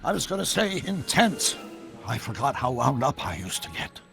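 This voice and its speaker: An actor playing an eccentric older male scientist in a video game, animated and full of technical talk. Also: medium pitch, normal speed, gravelly. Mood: fond. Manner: animated, talks in long technical run-ons. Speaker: time-travelling inventor. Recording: video game audio with faint background music.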